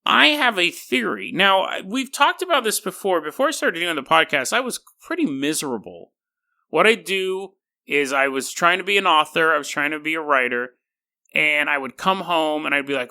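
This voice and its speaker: A man in his thirties hosting a podcast, telling stories in an animated, rambling way and laughing often. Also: a little high, normal speed. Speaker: podcast host. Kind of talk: casual podcast monologue.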